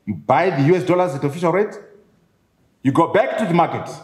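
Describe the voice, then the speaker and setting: A man's voice: a little high, animated, quick pace. A middle-aged man with a Zimbabwean accent, an author addressing an audience at his book launch, driving points home with rhetorical questions and repetition. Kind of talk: public speech. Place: event venue, echoing room. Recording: echoey room.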